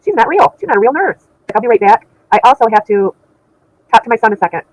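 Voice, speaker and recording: Fast-talking indignant woman streamer. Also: fairly high pitch, animated, no room sound, low-quality recording. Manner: chatty, indignant, laughs often. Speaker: channel host reading chat. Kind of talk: casual livestream chat.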